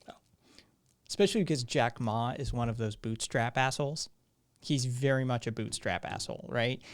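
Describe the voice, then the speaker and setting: Hoarse guy ranting casually on his stream, sardonic, swears a lot, mid-pitched. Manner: rambling, sardonic, swears freely. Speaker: live-stream show host. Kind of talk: casual live-stream commentary.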